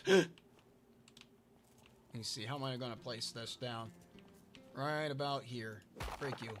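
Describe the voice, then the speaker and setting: A man streams a building game at an unhurried pace, his medium-pitched voice a touch bright over soft background music. He chats casually with viewers, answering chat and muttering to himself as he places blocks.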